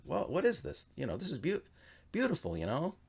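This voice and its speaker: A meek, strapping young man talks in a voice pitched well above the speaker's own, as a man acts him out. He is courteous and easily startled. His tone stays earnest and deferential. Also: huge pitch swings, a little fast, gravelly, darkish tone, slightly rough, full character voice. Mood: polite. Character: humble strapping young male Sethite, twenty.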